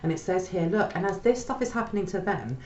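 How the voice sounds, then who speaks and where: A woman's voice: medium pitch, lively intonation, fast talker, a little mellow, slight background noise. Chatty woman reading tarot, echoey room. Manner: chatty, conversational, keeps checking in with the listener. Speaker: tarot reader. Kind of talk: casual tarot reading to camera. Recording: echoey, dull lo-fi room sound.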